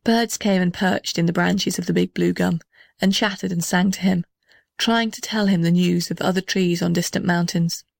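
Woman, children's story narration, gentle, dry. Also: fairly low pitch, fairly even intonation, normal speed, gravelly, no echo. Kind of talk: scripted narration.

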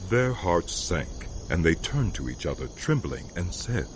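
A male narrator with a very deep voice that moves expressively through its pitch. He tells the story in a measured, scripted way, with faint ambient sound beneath him. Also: very animated, slight background noise.

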